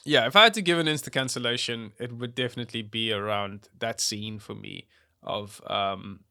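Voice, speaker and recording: A man's voice: medium pitch, moderate pace, pushed and bright, no room sound, clean studio sound. A man hosting a casual film review podcast, wry and often laughing, with plenty of ums. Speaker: podcast host.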